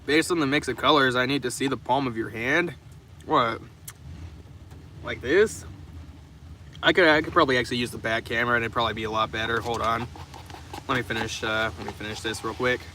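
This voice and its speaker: A man's voice: medium pitch, a little fast, pauses often, pushed and bright. A young man live streaming from the open trunk of his car in the rain. He chats casually with viewers in a profane, rambling way, often stumbling and restarting his sentences. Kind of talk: casual chat answering viewers' comments. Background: faint rain and passing traffic.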